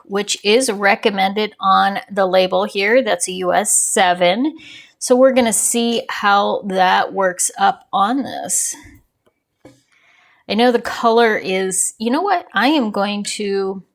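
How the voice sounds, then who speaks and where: A woman talks through a yarn review at an easy, unhurried pace, in a voice that sits at an ordinary middle pitch. She is a crochet channel host who chats as she demonstrates, rambling and drifting into small tangents. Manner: chatty and rambling, digresses with small laughs.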